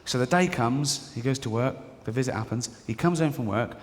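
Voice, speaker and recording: A middle-aged man doing stand-up comedy, telling stories with mock voices and animated outbursts. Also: mid-range voice, brisk. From England. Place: large theatre stage. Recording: reverberant hall with audience noise. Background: audience laughter.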